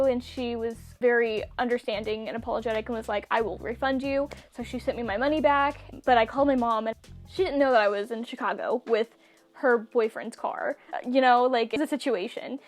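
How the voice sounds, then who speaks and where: Chatty young woman with a high voice. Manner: animated, laughs often, acts out quotes. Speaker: vlogger. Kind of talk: casual storytelling.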